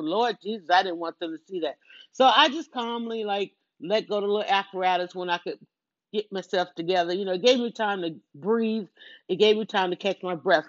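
A woman's voice: mid-range voice, dry recording, muffled recording. A woman telling a personal story in a casual monologue, earnest and rambling, with many restarts and asides to the listener.

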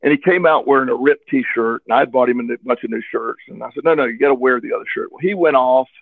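A man's voice: medium pitch, fast, vocal fry, no echo. A man telling a personal story in a casual interview, candid and earnest, often repeating words as he searches for them. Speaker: interview guest. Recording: tinny phone line, dry.

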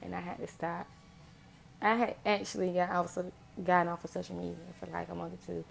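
A woman's voice: on the low side, little pitch movement, brisk, creaky, faint music behind. A woman giving an earnest, impassioned motivational faith talk, repeating phrases for emphasis.

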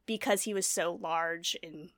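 A woman's voice: on the low side, steady tone, unhurried, a bit bright, dry recording, clean studio sound. A woman co-hosting a casual true-crime chat, telling the story with many fillers and asides. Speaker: podcast co-host.

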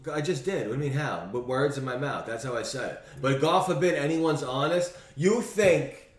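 A man's voice: medium pitch, normal speed, echoey room, far from the mic. A man co-hosting a podcast, ranting bluntly in casual chat and swearing freely. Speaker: podcast co-host.

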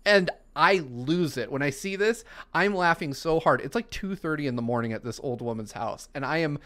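A man's voice: on the high side, lively intonation, moderate pace, fairly bright tone. A man co-hosting a podcast, telling a long funny story in casual chat and laughing through it. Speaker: podcast co-host.

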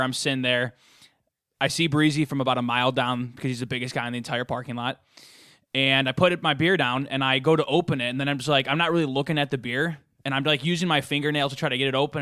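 Young male co-host, sharp bright tone, dry mic, animated joking delivery. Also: medium pitch, smooth, dry recording. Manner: animated, self-mocking storyteller. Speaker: podcast co-host. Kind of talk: casual storytelling among friends.

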